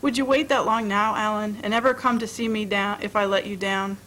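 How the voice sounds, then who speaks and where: A woman's voice: mid-range voice, fairly even intonation, brisk, fairly bright tone, slight background noise, close to an everyday voice, poor audio. A woman reading aloud and voicing a tired, lovesick young woman who pleads emotionally. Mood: pleading.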